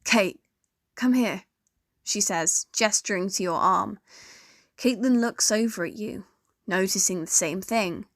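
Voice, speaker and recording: Young woman reading a fanfic aloud, slow and steady, dry close sound. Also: medium pitch, no room sound. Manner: slow, steady, second-person storytelling. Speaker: narrator and voice actor. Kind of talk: second-person fan fiction audio narration.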